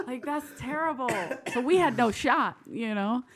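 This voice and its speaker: A woman in her forties in casual chat, telling stories with lively energy, laughing often and swearing freely. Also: high-pitched, normal speed. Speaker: guest.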